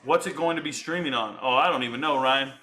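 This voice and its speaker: Bright-voiced boastful male streamer. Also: mid-range voice, fast talker. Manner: boastful, joking, slangy. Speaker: livestream host. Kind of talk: casual livestream chat.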